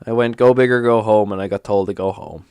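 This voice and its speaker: A young man giving casual, animated commentary as he plays a card game on his channel, swearing and mocking himself. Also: fairly low pitch, brisk, clean tone, dry recording. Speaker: gaming YouTuber.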